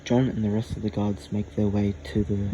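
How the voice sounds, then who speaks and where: A man improvising a fantasy story, talking slowly and haltingly in short phrases. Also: fairly low pitch, flat delivery, mellow, slight background noise, low-quality recording.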